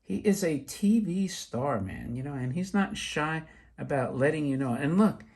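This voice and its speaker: A middle-aged man casually showing off vintage toys, chatty and excitable with rambling asides. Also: on the high side, normal speed, breathy edge. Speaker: toy collector vlogger. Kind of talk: casual show-and-tell.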